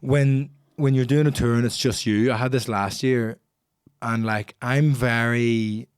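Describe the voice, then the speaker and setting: A man's voice: medium pitch, steady tone, a little slow, clear, resonant tone, dry recording, studio quality. A man on a podcast as a guest comedian, chatting casually, swearing and laughing often. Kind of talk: casual chat.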